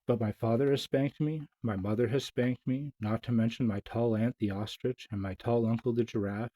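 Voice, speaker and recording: A man's voice: medium pitch, steady tone, moderate pace, mellow, natural voice, rough recording. A man voicing a polite, earnest young male elephant calf in a storybook reading.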